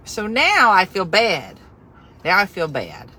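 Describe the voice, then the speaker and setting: A woman telling a comic story in an animated, exasperated way, with sarcastic asides. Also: mid-range voice, slow, breathy edge.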